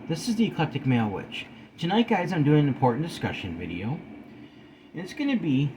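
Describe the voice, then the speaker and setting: A man hosting his own channel, reading an article he wrote in measured phrases and breaking off for casual asides to his viewers. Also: mid-range voice, sing-song, darkish tone, slight background noise, rough recording. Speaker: channel host.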